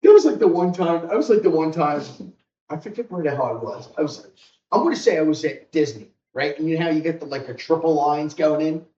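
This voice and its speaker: A man co-hosting a podcast, telling stories in a rambling, animated way and acting out other people's lines. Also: a little high, a little fast, slight background noise. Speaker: podcast co-host. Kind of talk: casual storytelling chat. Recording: roomy, distant, muffled home recording.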